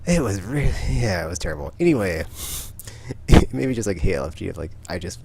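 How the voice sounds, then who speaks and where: Rapid, rambling deep-voiced man. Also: lively intonation, vocal fry, heavy background noise. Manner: rambling, filler-heavy storytelling. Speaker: podcast host. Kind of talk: casual gaming chat.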